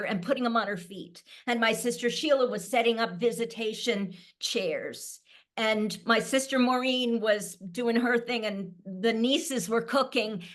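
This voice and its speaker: A woman's voice: a little high, fairly bright tone. A middle-aged woman speaking candidly as a panel guest, telling stories and laughing often. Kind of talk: conversational panel talk.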